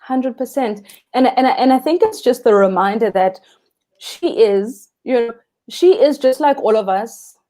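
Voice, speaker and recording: Guest spot: young South African woman, warm mellow tone, earnest and expressive about the ocean. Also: on the high side, a little slow. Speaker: freediving instructor, guest. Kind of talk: live interview chat.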